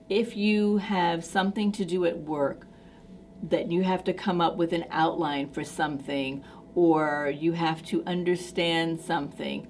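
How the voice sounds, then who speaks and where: A woman's voice: on the low side, darkish tone, slight background noise. A woman vlogger chatting casually to camera in an effusive, enthusiastic way, with many fillers.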